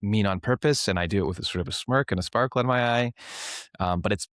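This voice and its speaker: This fairly low-voiced young Canadian man, a clown and improv instructor, talks fast in a relaxed interview. An animated storyteller, he acts out voices from his classes, captured in a dry, studio-quality recording.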